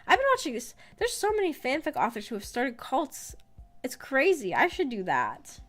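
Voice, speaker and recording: Her high-pitched voice swoops wildly up and down at a moderate pace as this female VTuber rambles through casual livestream chat, trailing off with fillers and laughing a lot. Soft music plays behind her streaming-mic audio.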